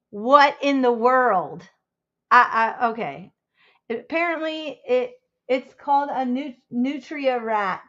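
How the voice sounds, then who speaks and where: A high-pitched woman talks casually to viewers from home, chatty and excitable and given to exclamations. The sound is a little dull and lo-fi. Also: slow. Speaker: crafting livestreamer. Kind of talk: casual livestream chat.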